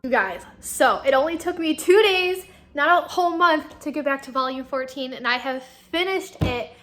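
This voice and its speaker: A woman with a high voice talks through her reading in a casual vlog. She gushes and rambles excitedly, with plenty of swearing mixed into her chat. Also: moderate pace, soft background music. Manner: excitable, gushing, swears freely. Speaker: vlogger. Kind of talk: casual book-reaction chat.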